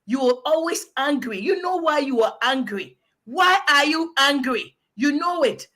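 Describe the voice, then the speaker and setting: A woman from Africa, a guest giving animated, emphatic advice in a preachy, exhortative manner. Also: high voice, unhurried.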